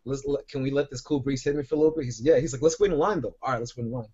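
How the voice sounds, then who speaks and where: A man's voice: medium pitch, rapid-fire, warm tone, breathy edge, highs cut off. A man co-hosting a podcast, telling a long rambling story full of profanity in casual chat. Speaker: podcast co-host.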